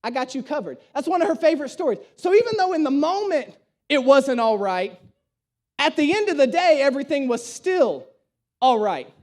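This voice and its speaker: Preaching at normal speed in a very high, sing-song and slightly mellow voice, a male pastor shares a funny story at his own expense, performing the dialogue as he goes.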